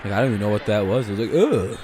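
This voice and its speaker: A man's voice: lowish voice, steady tone, rapid-fire, a little mellow. A young adult man hosting a live stream, chatting casually and reacting play by play with loose, profane jokes.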